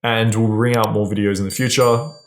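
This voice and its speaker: A man's voice: fairly low pitch, steady tone, a little fast, slight background noise. A man giving casual, blunt dating advice straight to camera, swearing freely and often checking in with "right?". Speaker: dating coach.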